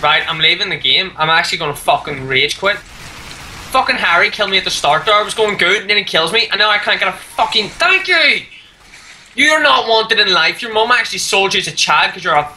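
A woman's voice: mid-range voice, a little fast, bright, forceful tone, a little hiss or hum, rough recording. A woman ranting and swearing at a rival player while commenting on her own gameplay. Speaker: gamer.

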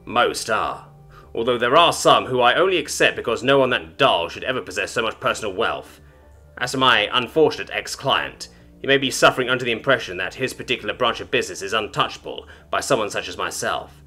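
A man's voice: lowish voice, animated, fairly quick, bright, forceful tone, soft background music. A man voicing a haughty, cold female alien information broker in a storybook reading, with clipped, formal, disdainful speech. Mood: weary, haughty.

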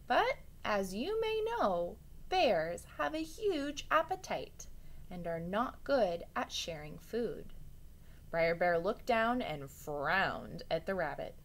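Slow, expressive teacher reading aloud. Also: female voice, mid-range voice. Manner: expressive, with chatty asides to children. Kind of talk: reading a story aloud to students.

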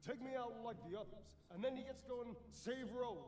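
An actor playing a brash, manipulative male villain who mocks and suddenly shouts. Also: very high voice, brisk. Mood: taunting. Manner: mocking, swings into shouting. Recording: distant roomy game audio with noise.

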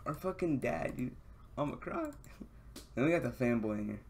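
Young male streamer, excitable and foul-mouthed, casual desk mic, faint keyboard clicking behind. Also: mid-range voice, normal speed, gravelly, slight background noise. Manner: excitable, swears a lot, fanboying. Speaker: gaming live streamer. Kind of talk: casual live-stream commentary. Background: keyboard typing and mouse clicks.

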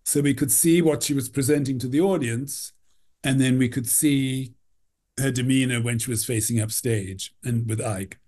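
A man's voice: medium pitch, normal speed, a little mellow. A man, a costume designer, telling backstage stories in an interview, rambling with many "you know"s and acting out quotes. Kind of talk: anecdotal interview storytelling.

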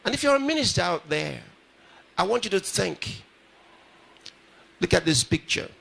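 A man's voice: high-pitched, very animated, normal speed, vocal fry, sharp tone, husky. A pastor addressing a live audience at a ceremony, repeating his phrases and putting questions straight to the crowd. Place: large ceremony hall.

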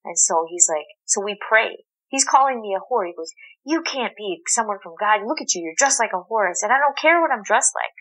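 A woman guest in an interview, telling a story in a casual, animated way, acting out the dialogue and laughing often. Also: medium pitch, fairly quick, poor audio. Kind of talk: conversational storytelling.

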